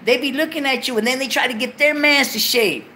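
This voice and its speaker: A man's voice: extremely high pitch, a little fast, pushed and bright, slight background noise. A man hosting a show, giving a profane comic monologue in laid-back street slang, lecturing his viewers. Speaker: show host.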